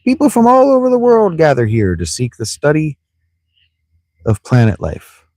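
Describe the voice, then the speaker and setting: A man's voice: on the high side, wildly swooping pitch, normal speed, a little mellow, no echo, studio quality, voice pushed up. A man reading a game's friendly town greeter in a lifted, welcoming tone. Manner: reads game text in a lifted, welcoming tone.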